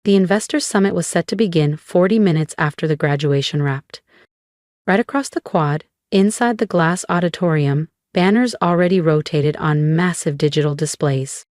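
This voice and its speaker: A woman narrating a first-person story in a measured, cool manner with dramatic pauses. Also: on the low side, darkish tone, dry recording, studio quality.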